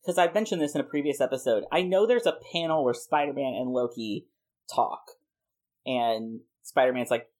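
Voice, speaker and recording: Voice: mid-range voice, moderate pace, darkish tone. A podcast host in a casual chat, playfully rambling through a made-up comic plot with lots of "like" fillers. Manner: playful, rambling, frequent laughs and many "like" fillers.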